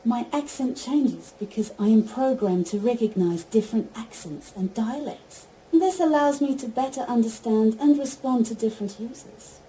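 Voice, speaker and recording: A synthetic female voice of an AI assistant giving even, stilted spoken replies. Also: on the high side, normal speed, hardly any pauses, slight background noise, rough recording. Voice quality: even, stilted text-to-speech delivery.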